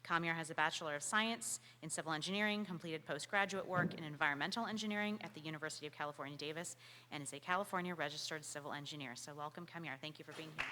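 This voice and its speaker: Woman running a public meeting, bright lowish voice, friendly, echoey hall. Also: quick pace, a little hiss or hum. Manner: friendly, explains procedure, reads a bio. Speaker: meeting moderator.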